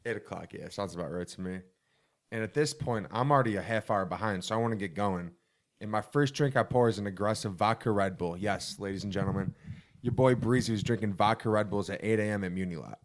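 A man's voice: fairly low pitch, quick pace. A young man joking and swearing while telling a story to friends. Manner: jokey, swears, chimes in. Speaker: podcast co-host. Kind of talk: casual storytelling among friends.

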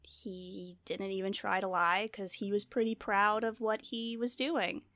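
A woman's voice: medium pitch, little pitch movement, unhurried, fairly bright tone, no room sound. A woman co-hosting a casual true-crime chat, telling the story with many fillers and asides. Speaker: podcast co-host.

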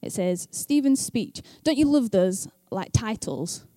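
A woman's voice: medium pitch, big pitch swings, a little slow, dark tone, no room sound. A young woman speaking at church in a chatty, self-deprecating way, laughing often, then reading scripture aloud. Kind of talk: casual talk and scripture reading.

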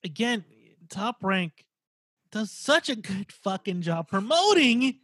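A man's voice: high-pitched, big pitch swings, takes it slowly, a bit bright, husky, dry recording. A man co-hosting a boxing podcast, going through a fighter's record in casual, rambling talk with some swearing. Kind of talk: casual chat.

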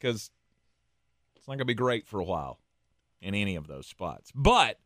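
A man's voice: fairly low pitch, very animated, normal speed, fairly bright tone, dry recording, clean studio sound. A man co-hosting a sports talk show, easygoing and conversational, often restarting his words. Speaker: sports radio co-host.

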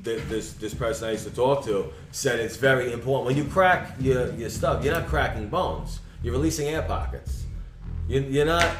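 A man's voice: mid-range voice, lively intonation, normal speed. Guy rambling thru a crude story on a podcast, roomy sound, kinda far from the mic, music under it. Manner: profane, rambling, acts out quoted voices. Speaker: podcast co-host. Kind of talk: casual storytelling chat.

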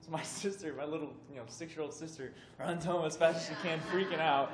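Speaking a little high and briskly with hardly any pauses, a young youth speaker tells a story over a noisy crowd. His casual sermon storytelling is lively and chatty, complete with acted-out voices, and the hall echoes with faint background noise.

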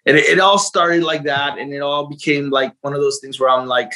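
Rambling chatty dad telling stories. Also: male voice, fairly high pitch, fairly even intonation, fairly quick, sharp tone, rough recording. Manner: rambling, repeats words, acts out quotes. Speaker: interview guest, father. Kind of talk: casual storytelling chat.

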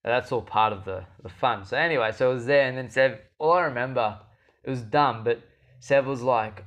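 A young man relaxes into a long anecdote, talking casually and often laughing. He breaks into quick impressions of the people he is describing. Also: medium pitch. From Australia. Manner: animated, acts out quoted voices, laughs often. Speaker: guest fighter. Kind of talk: casual storytelling chat.

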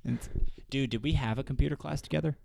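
A man's voice: mid-range voice, fast talker, vocal fry, darkish tone, a little hiss or hum. A man in his twenties hosting a casual podcast chat, laid-back and reminiscing, often saying "dude" and "oh my gosh". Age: 20s. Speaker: podcast host.

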